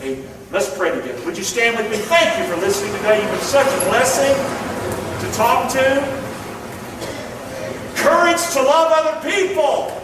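A man's voice: high-pitched, animated, fairly quick. A male pastor preaching a fervent sermon, calling on the congregation to repeat his words. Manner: fervent preaching with call-and-response. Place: church. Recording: echoey hall from far off, noisy.

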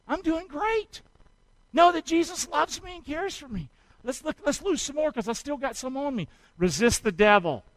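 A male pastor preaches to his church, with a high-pitched voice recorded close and dry. He exhorts the listeners and keeps calling for their response, breathing hard from the effort. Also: a bit bright, dry recording, rough recording. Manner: exhorting, calls for congregation response. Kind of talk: sermon with a live demonstration.

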